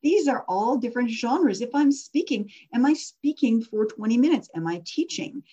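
A woman's voice: fairly high pitch, expressive, moderate pace, warm tone, slightly rough, lo-fi sound. A woman teaching a persuasion workshop in a casual, conversational way, often putting questions to her audience.

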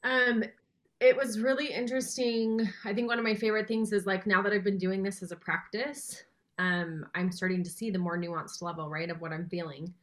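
A woman shares her meditation experience with her group in a chatty, enthusiastic way, full of fillers. Her voice is mid-pitched. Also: steady tone, moderate pace. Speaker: participant in an online meditation group. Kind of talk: sharing a personal experience.

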